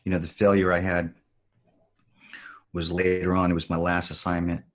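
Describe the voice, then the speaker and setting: Male podcast guest, former Marine, deep voice, measured storyteller. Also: monotone. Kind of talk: storytelling in conversation.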